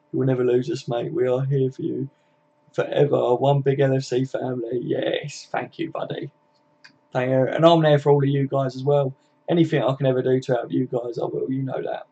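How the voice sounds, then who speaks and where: A man's voice: mid-range voice, a little mellow. Scouse male streamer, blunt and sweary, darker tone, muffled lo-fi audio. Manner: blunt, chatty, swearing, frequent laughs. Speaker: fan channel live streamer. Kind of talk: casual live stream chat reading comments.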